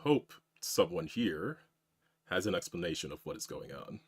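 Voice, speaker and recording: A man voicing a stern male superhero with a put-on slow southern drawl. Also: low voice, very animated, breathy edge, pitched below the performer's own voice, exaggerated voice. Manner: slow, measured, grave.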